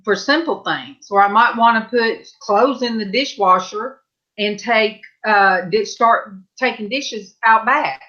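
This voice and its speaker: A woman hosting a live-stream panel, telling stories in a slow, halting, meandering way over a video call. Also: mid-range voice, pushed and bright, lo-fi sound. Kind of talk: casual chat on a live stream.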